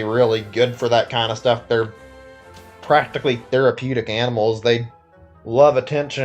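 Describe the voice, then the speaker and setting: A man's voice: mid-range voice, highs cut off. Tired, rambling male game streamer. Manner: rambling, hedging with many "like"s and restarts. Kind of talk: casual live-stream chat.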